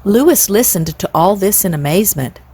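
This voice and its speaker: A woman in her sixties reading a classic children's book aloud in a gentle, steady way. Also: medium pitch, normal speed, slightly rough. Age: 60s. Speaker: storyteller, channel host.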